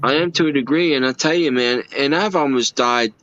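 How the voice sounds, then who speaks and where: A man's voice: mid-range voice, fairly quick, a bit bright, a little hiss or hum. A man, a livestream guest telling personal stories in an earnest, emotional, folksy way. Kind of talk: casual storytelling chat. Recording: dull lo-fi stream audio.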